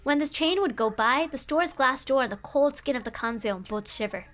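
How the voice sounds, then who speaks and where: A woman's voice: high voice, expressive, normal speed, a bit bright, faint music behind. A woman streamer explaining Japanese translation in a casual, playful, chatty way, full of fillers and tangents. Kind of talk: casual streamed language lesson.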